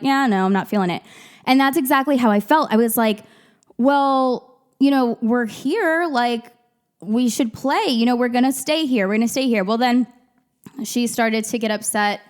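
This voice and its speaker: A woman's voice: fairly high pitch, clear, resonant tone. A young woman, hosting a casual chat about parenting, candid and full of "like" and "you know". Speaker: podcast host, mom.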